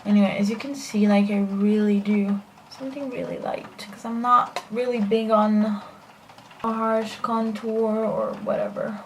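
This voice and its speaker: A young woman talks casually through her makeup routine, rambling and self-deprecating with plenty of fillers. Her voice sits at a middle pitch, and a faint hiss of background noise runs under it. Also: fairly even intonation, a little slow. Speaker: beauty vlogger. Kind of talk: casual makeup tutorial chat.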